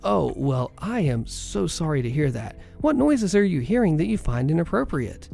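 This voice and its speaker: A steady, firm clinic nurse, as a man reading a story puts her on, only a little above his own pitch and lively in its rise and fall. His gravelly texture carries through, over faint music. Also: moderate pace.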